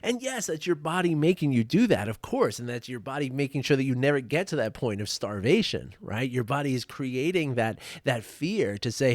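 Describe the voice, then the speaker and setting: A man's voice: mid-range voice, animated, normal speed, hardly any pauses, no room sound, studio quality. A man talking as a life coach in a casual, chatty monologue, often drifting off topic and checking in with the listener. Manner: chatty and digressive, keeps asking "right?". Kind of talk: casual solo podcast monologue.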